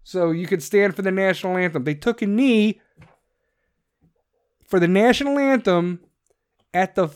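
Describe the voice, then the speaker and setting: A man's voice: high voice, moderate pace, long pauses, clear, resonant tone. A man from Chicago with a Chicago accent, hosting a podcast in a brash, profane, joking rant. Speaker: podcast host. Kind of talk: casual ranting monologue.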